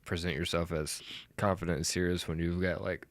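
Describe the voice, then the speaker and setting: A man with a low voice hosts a podcast in a studio. He speaks in short, soft, supportive replies during a relaxed, casual chat. The sound is dry and close, with no room echo. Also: brisk. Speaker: podcast host.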